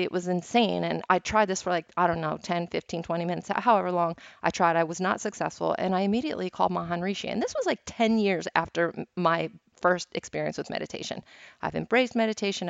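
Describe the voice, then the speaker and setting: A woman's voice: mid-range voice, gravelly, dry recording. A woman hosting a meditation podcast, teaching in a casual, chatty way and telling stories with frequent laughs, on a dull, lo-fi recording. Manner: chatty, storytelling, laughs often.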